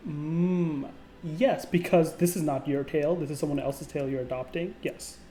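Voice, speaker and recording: A man runs a tabletop role-playing game as game master, with a slightly high voice. He narrates casually, rambling through fillers. A faint hum sits behind him. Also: fairly even intonation, normal speed, dark tone.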